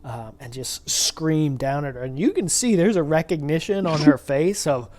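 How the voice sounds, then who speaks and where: A man narrating as dungeon master of a tabletop game, halting, with many pauses and fillers. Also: a little high, lively intonation, a little mellow. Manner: halting, full of uhs and ums.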